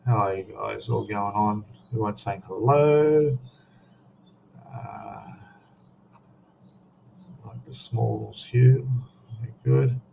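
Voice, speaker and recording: Slow and expressive, with vocal fry, long pauses and a dark, fairly low voice, an Australian man rambles through a relaxed live stream. He reads viewers' chat out loud, and the stream audio is dull and lo-fi with faint noise.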